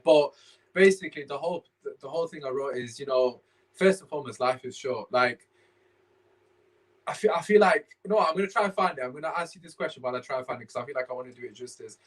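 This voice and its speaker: A man's voice: mid-range voice, quick pace, poor audio. A man hosting a casual podcast, rambling and restarting while he searches his phone. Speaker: podcast host.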